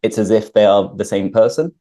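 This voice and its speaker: A young man with a British accent hosts an easygoing chat, his sentences loose and dotted with "like". His voice sits a little low, with a warm, darker colour. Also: fairly quick. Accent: British English. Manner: relaxed, uses "like" often. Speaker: host. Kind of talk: casual conversation.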